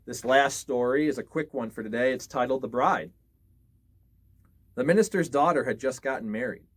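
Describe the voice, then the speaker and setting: A man's voice: mid-range voice, normal speed, husky. A man reading scary stories aloud, expressively and with small slips. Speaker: storyteller.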